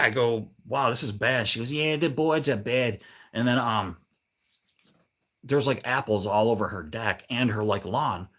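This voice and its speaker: Middle-aged male stream host, mid-pitched, rambling and irritated storyteller. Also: a bit bright, breathy edge. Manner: rambling, annoyed, acts out both sides with "I go". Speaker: livestream host. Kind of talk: casual storytelling chat.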